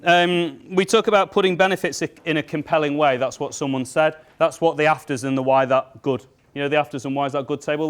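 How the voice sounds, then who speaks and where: A man from England leads a sales workshop in front of a live audience. His voice sits a little high, and he talks in an upbeat, joking way while giving brisk instructions to the room. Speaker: sales trainer.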